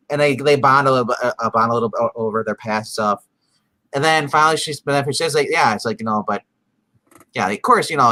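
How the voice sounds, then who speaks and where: A man talks through a TV episode in a loose, rambling way, padding his sentences with fillers. His voice is bright and crisp at a middle pitch. He keeps jumping into the characters' lines with sudden lively bursts. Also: no echo, low-quality recording. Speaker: podcast co-host recapping a TV episode. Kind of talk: casual chat.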